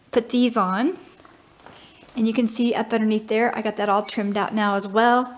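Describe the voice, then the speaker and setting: A woman's voice: fairly high pitch, darkish tone. A middle-aged woman chatting casually as she tours her half-finished house remodel, thinking aloud with fillers. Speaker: homesteading vlogger. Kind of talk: casual home tour narration. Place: house under remodel, indoors.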